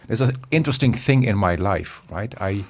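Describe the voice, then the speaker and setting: A man's voice: lowish voice, lively intonation, moderate pace. A man with a Dutch accent co-hosting a podcast in casual chat, speaking hesitantly with short agreeing replies. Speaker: podcast co-host.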